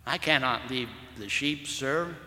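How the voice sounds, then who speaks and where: A man's voice: mid-range voice, unhurried, sharp tone, reverberant, in a large hall. A man voicing an honest young shepherd boy in a storybook reading, earnest and polite. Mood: firm.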